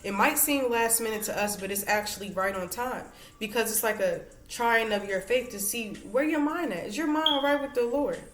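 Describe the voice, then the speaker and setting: A woman's voice: on the high side, moderate pace, few pauses, fairly bright tone, roomy sound. A woman teaching women from scripture in a conversational way, reading verses aloud and checking in with "all right" and "okay". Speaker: women's Bible study teacher.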